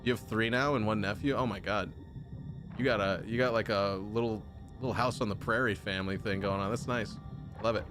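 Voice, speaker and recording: A man's voice: lowish voice, fairly even intonation, a little fast. A man streaming a video game, chatting casually with viewers in joking, rambling, self-mocking banter. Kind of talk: casual live-stream chat. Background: game music.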